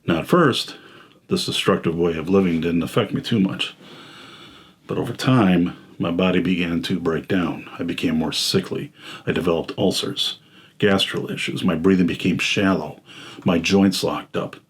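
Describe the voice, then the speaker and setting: A man with a low, husky voice that sits deep in his chest, a little short of breath as he talks. He gives a candid personal monologue as host, blunt and wry about himself. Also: moderate pace. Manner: self-deprecating, blunt, wry. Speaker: filmmaker and host.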